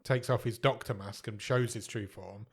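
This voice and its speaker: A man's voice: lowish voice, fairly even intonation, moderate pace, breathy edge. A man co-hosting a casual film podcast, wry and sweary as he sums up the plot. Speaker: podcast co-host.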